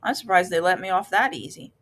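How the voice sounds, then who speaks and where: A woman voicing a gentle, honest male cricket in a storybook reading, speaking in an earnest, sincere way. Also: on the low side, brisk. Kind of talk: storybook read-aloud.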